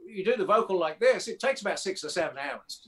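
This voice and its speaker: Guy telling old studio stories, kinda high voice, lots of um and you know. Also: expressive, quick pace, fairly bright tone. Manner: anecdotal, acts out quotes, many fillers and restarts. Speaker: record producer guest. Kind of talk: casual interview storytelling.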